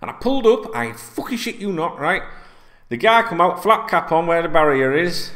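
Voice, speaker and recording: A middle-aged man rambles through fan chat, swearing freely. His pitch sits a bit high and swings widely. He talks casually to his viewers like an old mate. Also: lively intonation, normal speed, fairly bright tone. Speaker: fan channel host.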